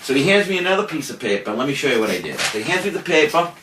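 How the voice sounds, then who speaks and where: Very fast and full of big pitch swings, this older man's voice runs on the high side. In his farewell video, the cannabis activist offers a goodbye, then spins a boastful, profane, theatrical tale for his audience. A distant mic captures a roomy sound with faint noise.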